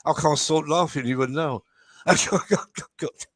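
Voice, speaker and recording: A man hosting a casual football fan livestream, talking in a halting way with many fillers and restarts. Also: fairly high pitch, a bit bright, dry recording. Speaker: host of fan channel livestream. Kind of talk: casual heated fan debate.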